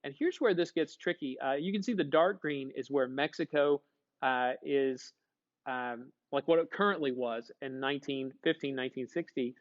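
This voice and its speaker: A man's voice: mid-range voice, moderate pace, highs cut off. A man teaching a history class, talking casually and asking his students questions before answering them himself. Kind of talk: classroom lecture.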